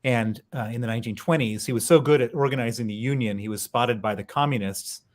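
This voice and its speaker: A man's voice: mid-range voice, fast talker. A man in his fifties with an American accent, a guest telling his story fluently in an interview. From United States. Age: 50s. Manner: fluent storyteller with some restarts. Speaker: guest, author and investor.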